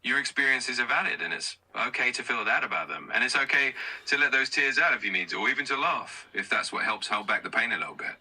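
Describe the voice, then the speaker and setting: Male AI voice, reassuring and steady; fast and bright; far-off phone speaker. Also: medium pitch, slightly rough. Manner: calm, steady, affirming. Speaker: AI chatbot voice. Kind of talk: reassuring replies.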